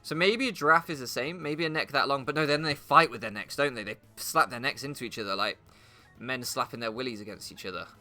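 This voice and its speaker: A man's voice: medium pitch, fast talker, bright, forceful tone, faint music behind. A man doing comedic, rambling commentary while he plays, swearing often and laughing at his own jokes. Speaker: gaming YouTuber.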